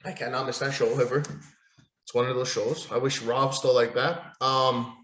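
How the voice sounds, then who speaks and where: A man's voice: medium pitch, steady tone, moderate pace, fairly bright tone, roomy sound. A man hosting a solo wrestling podcast, ranting in a profane, sarcastic, rambling way while losing his voice. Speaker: podcast host.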